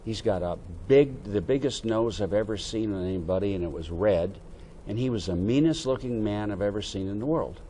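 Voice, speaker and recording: An older American man, a veteran, telling a lively story from his youth and acting out the dialogue. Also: on the low side, brisk, hardly any pauses, slight background noise. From United States. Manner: animated anecdote-telling with quoted dialogue. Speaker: veteran interviewee. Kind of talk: oral history storytelling.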